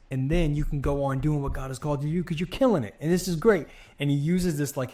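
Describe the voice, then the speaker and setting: A man's voice: a little high, fast, few pauses, dark tone. A man co-hosting a casual marriage podcast, talking in a conversational way with frequent restarts and acted-out bits of dialogue. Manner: conversational, repeats words, acts out dialogue. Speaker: podcast co-host. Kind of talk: casual chat about marriage.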